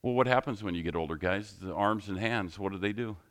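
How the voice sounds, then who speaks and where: A man's voice: lowish voice, a little fast. A middle-aged man, a pastor, giving a sermon in a conversational, joking style full of rhetorical questions.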